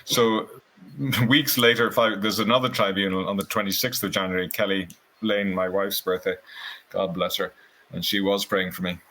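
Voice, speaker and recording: In a casual conversation, a man with a low voice tells a personal story at normal speed, earnest and animated, occasionally slipping into quoted voices. The audio quality is poor.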